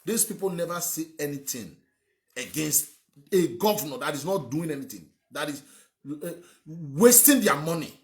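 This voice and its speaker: A man's voice: a little high, lively intonation, normal speed. A man with a Nigerian accent, hosting and giving an emphatic, rambling opinionated monologue. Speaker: host.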